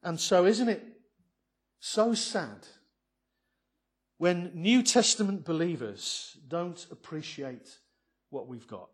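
Husky-voiced man preaching a sermon. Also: high voice, animated, takes it slowly, pauses often. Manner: earnest, rising to fervent emphasis.

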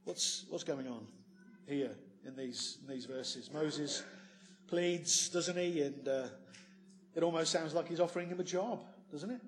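A man preaching a sermon, full of tag questions and moving between loud emphasis and quiet asides. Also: on the high side, unhurried.

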